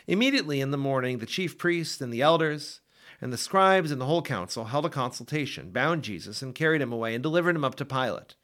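A man reading scripture aloud for a daily Bible podcast, with an expressive, dramatic delivery. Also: mid-range voice, fast talker. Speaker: Bible reader.

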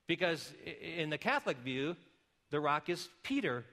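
A middle-aged man delivers a sermon in a bright, clear voice pitched a little high. He moves from calm, careful explanation to loud, emphatic calls. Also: normal speed. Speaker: pastor.

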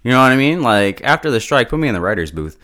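A man casually recapping a TV episode beat by beat, chatty and quick to joke and laugh. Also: mid-range voice, very animated, pushed and bright. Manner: chatty, laughs often, quips. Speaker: show reviewer.

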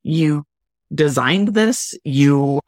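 A woman's voice: deep voice, expressive, drawn-out words, darkish tone, no room sound, studio quality. A woman hosting a casual podcast interview, chatting and often trailing off mid-sentence. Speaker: podcast host, wedding music business owner.

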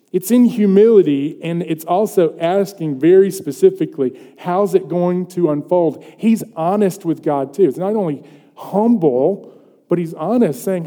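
Guy preaching, dark mellow voice, kinda high-ish, big church echo, earnest, gets loud then goes real quiet. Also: moderate pace. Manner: earnest, swings from loud emphasis to hushed intimacy. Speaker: pastor. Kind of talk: sermon. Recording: long hall reverb.

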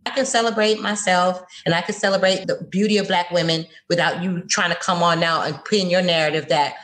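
Fast-talking animated woman. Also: medium pitch. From Florida, USA. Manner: animated, expressive storytelling. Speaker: guest. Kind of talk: conversational interview.

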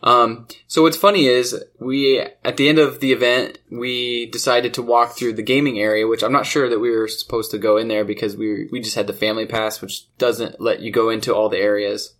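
A man hosting a casual podcast, talking at an ordinary middle pitch. He tells stories in a loose, chatty way and laughs easily along the way. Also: steady tone, normal speed, hardly any pauses, a bit bright. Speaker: podcast host. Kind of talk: casual chat about board games.

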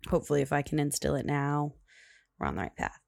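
A woman's voice: deep voice, sing-song, fast, creaky, darkish tone, no room sound, clean studio sound. A young woman hosting a casual storytelling podcast who rambles along and fills her sentences with "like". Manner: chatty, rambling, full of "like" fillers. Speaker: podcast host.

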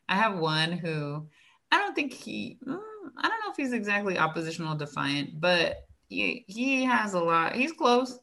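A young woman, a teacher, chatting casually and acting out her students and herself in animated stories. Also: medium pitch, measured pace, vocal fry. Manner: animated storytelling, acts out student dialogue, frequent "like". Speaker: elementary school teacher. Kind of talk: casual chat.

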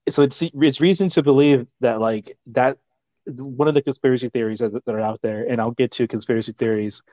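Man, podcast co-host, halting with filler sounds, muffled dull audio, dry. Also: medium pitch, steady tone, darkish tone, no room sound. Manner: hesitant, many "uh"s and restarts. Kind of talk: casual chat.

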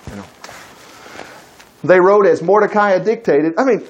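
A man preaching a sermon, retelling a Bible story in a lively, chatty way and acting out the characters' lines. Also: sits high, normal speed. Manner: animated, acting out voices, chuckling asides.

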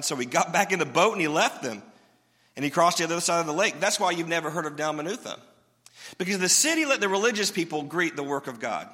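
A man's voice: on the high side, animated, fast talker, pushed and bright, big-room sound. A pastor giving a sermon in a casual, joking way, often asking his listeners questions. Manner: conversational, joking, asks the crowd questions.

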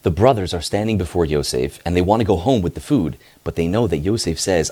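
Lively low-voiced rabbi telling a story. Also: male voice, a little fast, few pauses. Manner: animated, slangy retelling with acted quotes. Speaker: rabbi and head of school. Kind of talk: casual storytelling lesson.

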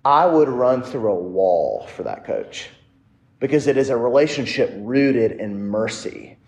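A man's voice: mid-range voice, animated, measured pace, a little mellow, reverberant. A man preaching a sermon in a casual, conversational way, telling a personal story and turning often to the audience. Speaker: pastor.

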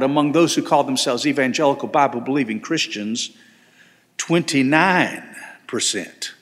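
A man's voice: mid-range voice, a bit bright. A middle-aged man, preaching a sermon as pastor, earnest and emphatic with frequent restarts. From Southern United States. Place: large church sanctuary. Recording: long church hall reverb.

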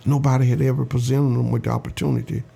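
An older man, a guest in an interview, telling a long story in a slow, earnest way and acting out the voices of the people he quotes. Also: medium pitch, flat delivery, gravelly, mellow, breathy edge.

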